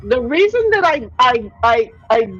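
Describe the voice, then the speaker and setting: A woman's voice: a little high, sing-song, measured pace, muffled recording. A woman hosting a casual livestream, reading viewer comments aloud and chatting freely with occasional swearing. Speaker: livestream host.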